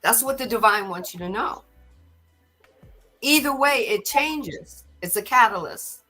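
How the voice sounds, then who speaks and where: A middle-aged woman hosts a spiritual podcast, speaking earnestly with a bright, forward tone. She often doubles back on her words. Faint music sits behind her. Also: on the high side, animated, a little slow. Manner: earnest, repeats words when stirred. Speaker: podcast host. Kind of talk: spiritual talk.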